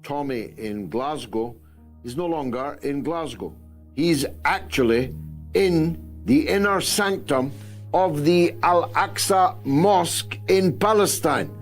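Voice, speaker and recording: A man's voice: fairly high pitch, slow, soft background music. Emphatic man hosting talk radio. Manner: emphatic, declamatory. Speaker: talk show host.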